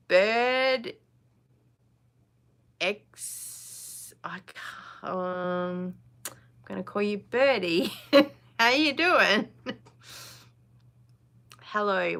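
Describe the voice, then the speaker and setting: A woman's voice: mid-range voice, drawn-out words, long pauses, fairly bright tone. A woman, hosting a casual live chat, chatty and blunt, laughing often. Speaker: live stream host.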